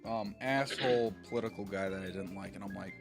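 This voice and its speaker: A young man co-hosting a casual podcast chat, rambling and stammering, often breaking into laughter and loud mock outbursts. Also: sits low, a little fast, gravelly, over music. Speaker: podcast co-host.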